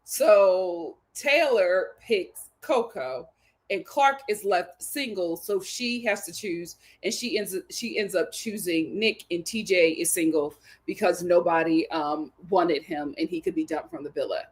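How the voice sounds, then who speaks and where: A woman's voice: on the low side, measured pace. A woman recapping a reality dating show, laughing often and repeating lines for emphasis.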